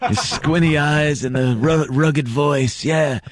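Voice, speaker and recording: A man's voice: fairly high pitch, fairly even intonation, slow pace, a crowd in the background. A man co-hosting a radio talk show, making mocking, insulting jokes. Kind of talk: casual radio banter.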